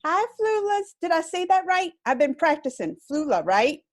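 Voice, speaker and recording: A woman's voice: very high-pitched, very animated, moderate pace. A woman interviewing a guest in a bubbly, giggly way. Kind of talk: press junket interview.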